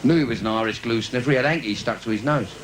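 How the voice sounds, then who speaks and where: A man doing bawdy stand-up cabaret patter on a theatre stage, with sudden squeaky asides. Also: fast talker. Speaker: stand-up comedian. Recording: noisy 1980s live video.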